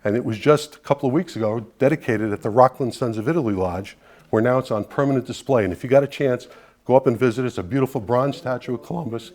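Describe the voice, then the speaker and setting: A man's voice: medium pitch, fast talker, a little mellow. Earnest man giving a persuasive talk. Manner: earnest, persuasive, with frequent "you know" asides. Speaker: advocacy group leader giving a talk. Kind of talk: conversational speech to an audience.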